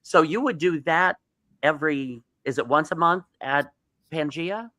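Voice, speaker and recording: A man co-hosting an interview show in a restaurant, eager and prompting the guest with quick questions. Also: on the high side, pushed and bright, no room sound. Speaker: co-host. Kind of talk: casual interview chat.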